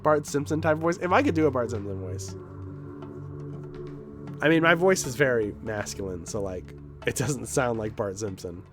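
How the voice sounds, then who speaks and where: A man's voice: mid-range voice, animated, normal speed, long pauses, over music. A man streaming a video game, making profane, joking comments as he plays. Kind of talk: casual let's-play commentary.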